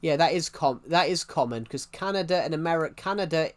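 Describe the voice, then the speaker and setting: A man's voice: fairly high pitch, a little fast. Rambling English male livestreamer. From England. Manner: rambling, many restarts, chatting to viewers. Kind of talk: casual live stream chat.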